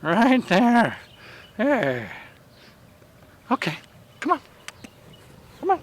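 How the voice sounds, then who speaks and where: A man's voice: extremely high pitch, huge pitch swings, drawn-out words, pauses often, a little hiss or hum. A man filming his dogs at home, coaxing them in sing-song baby talk. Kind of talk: casual talk to pets on camera.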